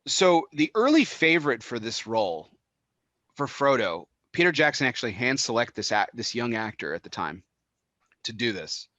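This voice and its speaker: Bright, dry-voiced chatty man. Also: medium pitch, sing-song, moderate pace, dry recording. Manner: chatty, rambling, laughs a lot. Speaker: podcast host. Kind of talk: casual chat. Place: indoors, cigar podcast set.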